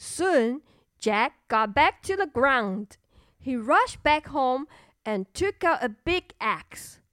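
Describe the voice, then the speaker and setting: A woman narrating a children's storybook and teaching English words, clearly and slowly, repeating words for learners. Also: high voice, big pitch swings, a bit bright, no echo, studio quality. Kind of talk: bilingual children's story narration and vocabulary lesson.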